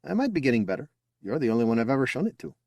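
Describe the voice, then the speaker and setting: A man's voice: mid-range voice, big pitch swings, rapid-fire, gravelly, a little mellow, dry recording, voice pushed up. A man voicing an eager, boastful young man who talks proudly and affectionately about his little brother. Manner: upbeat, chatty and affectionate.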